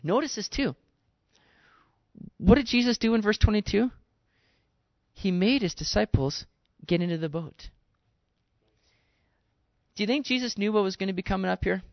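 A man, a pastor, giving a conversational sermon, animated and casual with slangy asides. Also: high voice, moderate pace, creaky, pauses often, no room sound, lo-fi sound.

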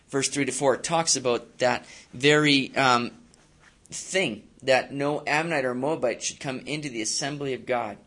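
A man's voice: a little high, creaky, fairly bright tone. A male pastor preaching a sermon in a conversational way, with frequent fillers and repeated words.

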